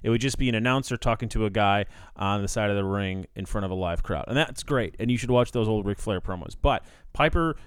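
Man, quick talker, smooth clear voice, dry sound, teasing podcast chat. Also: lowish voice, no echo. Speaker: podcast co-host. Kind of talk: casual chat.

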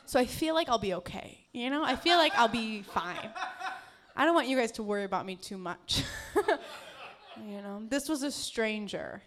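A woman's voice: on the high side, lively intonation, moderate pace, fairly bright tone. A woman doing a stand-up comedy set on a club stage, often laughing at her own jokes.

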